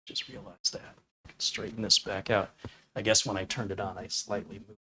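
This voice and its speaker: A man's voice: fairly low pitch, level tone, normal speed, pushed and bright. A man hosting a casual tech livestream, chatting with viewers and reading out their comments in a rambling, think-aloud way.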